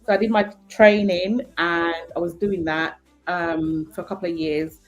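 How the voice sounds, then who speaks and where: A woman from Jamaica with a Jamaican accent, a guest telling stories in a casual, animated chat, laughing often and using many fillers. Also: on the low side, moderate pace, dull audio, soft background music.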